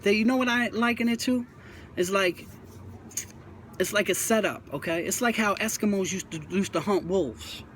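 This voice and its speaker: A man's voice: sits high, normal speed, fairly bright tone, slight background noise. A man, hosting his own channel and giving earnest, repetitive advice to young viewers in a casual monologue, often stumbling and restarting. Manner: preachy, repeats himself, stumbles and restarts often. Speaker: YouTube host talking about prison life.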